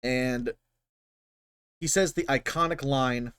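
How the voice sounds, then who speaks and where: Animated, rambling casual male commentator. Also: mid-range voice, measured pace, dry recording. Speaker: channel host.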